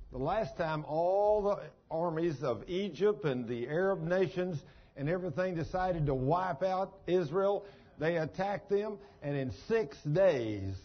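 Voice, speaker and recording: Older male pastor, husky and a bit high-pitched, folksy sermon on a dull lo-fi recording. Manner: folksy storytelling, down-home phrasing.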